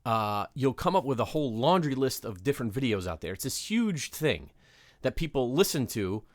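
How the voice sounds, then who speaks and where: A man co-hosting a podcast, chatting playfully and leaning on loose fillers as he talks. His pitch sits in the middle for a man. The recording is close and dry, with no room sound. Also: sing-song, normal speed, no echo. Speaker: podcast co-host. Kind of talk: casual chat.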